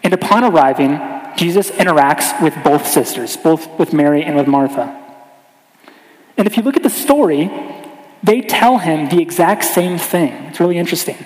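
A man preaching a sermon in an earnest way, slowing and softening on key lines. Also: a little high, expressive. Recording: echoey hall with long reverb.

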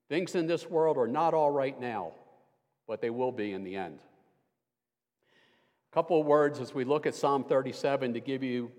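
A man's voice: mid-range voice, darkish tone. An older man giving a conversational sermon as a guest preacher, with dry, self-deprecating humor. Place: church sanctuary. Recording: long hall reverb.

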